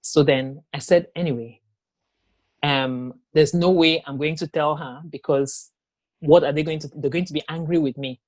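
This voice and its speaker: A woman giving a personal testimony in an interview, telling her story haltingly with pauses, restarts and quoted dialogue. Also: sits low, fairly even intonation, a little mellow, dry recording. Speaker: interview guest.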